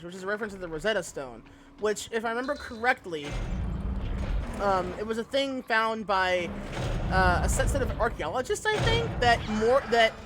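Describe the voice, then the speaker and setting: A woman's voice: medium pitch, background noise. A woman streaming a game live, chatting in a giggly, rambling way with lots of fillers. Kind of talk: live gameplay commentary.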